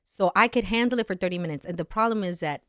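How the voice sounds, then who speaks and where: In a clean studio recording with no echo, a woman in her thirties from Latin America shares a personal story as a podcast guest. She speaks quickly in a mid-range voice, staying animated and performing the quoted voices of the people involved in this casual storytelling.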